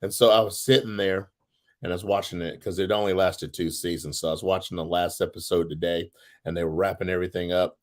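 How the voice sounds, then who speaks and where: A man co-hosting a casual chat show, talking loosely and swearing, jumping up into a high voice when he retells his own reactions. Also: steady tone, quick pace, darkish tone. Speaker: co-host.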